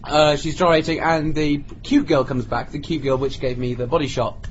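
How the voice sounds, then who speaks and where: On a lo-fi podcast with faint noise, a British co-host tells friends a funny anecdote, voicing the people in it. His pitch is fairly high, his intonation fairly even, and his speed normal.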